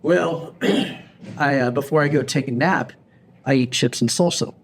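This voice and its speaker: Man in his thirties, podcast host, lively storyteller who acts out quotes, light noise behind. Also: medium pitch, measured pace. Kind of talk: casual storytelling chat. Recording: faint background noise.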